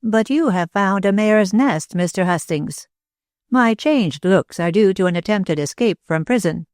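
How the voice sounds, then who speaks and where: A woman's voice: mid-range voice, animated, unhurried, a little mellow, dry recording, clean studio sound, voice pushed up, natural voice. A woman doing a sly, mocking little old man. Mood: jeering. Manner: sly, jeering, clipped and curt. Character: small elfish older man, cynical, mocking.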